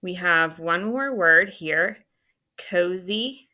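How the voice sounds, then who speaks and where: A woman's voice: deep voice, slow, sharp tone. A woman teacher walking through a phonics worksheet, patiently spelling out words letter by letter while she writes on a screen. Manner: self-talk while writing on screen. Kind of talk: phonics lesson walkthrough.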